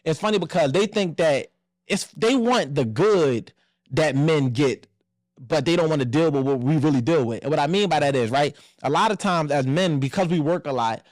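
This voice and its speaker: A man in his thirties hosting a casual podcast discussion, animated and blunt, acting out family voices and swearing freely. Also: fairly high pitch, normal speed, no room sound, clean studio sound. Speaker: podcast host.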